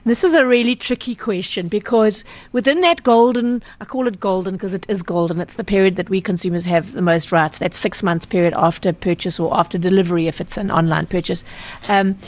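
A South African woman speaks as an interview guest, laying out consumer rules in a brisk, practical way. She stops often for an um and corrects herself mid-phrase. Her voice sits at an ordinary middle pitch for a woman. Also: steady tone, darkish tone. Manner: brisk and explanatory, with frequent ums and self-corrections. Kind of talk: explanatory radio interview answers.

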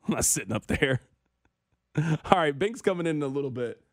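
Man, sports radio host, animated, self-mocking, higher pitch, dry close studio sound. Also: moderate pace, pauses often, no echo. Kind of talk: sports talk radio banter. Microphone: studio microphone.

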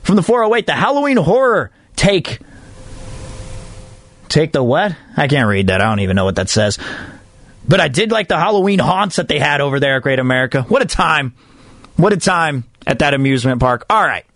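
A man hosting a sports radio show, reciting a mock-dramatic ode in slow, solemn tones and laughing at himself. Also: fairly high pitch, big pitch swings, a bit bright, no echo. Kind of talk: mock slam-poetry ode, then reading listener texts.

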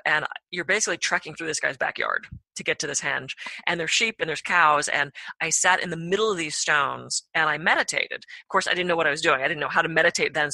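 A woman guest on a podcast, telling a personal anecdote in an animated way, acting out her own reactions with big jumps in pitch. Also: vocal fry, dry recording. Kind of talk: storytelling anecdote.

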